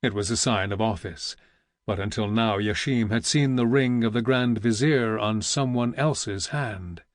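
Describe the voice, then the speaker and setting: A man narrating a historical novel in a measured, even storytelling voice into a close studio mic. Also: lowish voice, dry recording. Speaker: audiobook narrator. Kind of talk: scripted narration.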